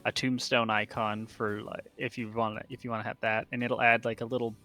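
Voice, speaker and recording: A man's voice: mid-range voice, flat delivery, brisk, bright, forceful tone. A man on a voice call, patiently walking a friend through a game tool, with lots of "like" and "uh" fillers. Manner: explaining patiently, with many fillers. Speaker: player helping with game software. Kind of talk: casual explanation.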